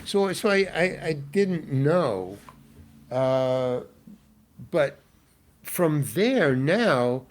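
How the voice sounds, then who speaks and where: Older male actor, rambling and exasperated, pitch swinging widely, voice sitting a bit high. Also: drawn-out words, pauses often. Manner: animated, rambling, frequent restarts, exasperated asides. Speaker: guest actor. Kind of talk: casual interview storytelling.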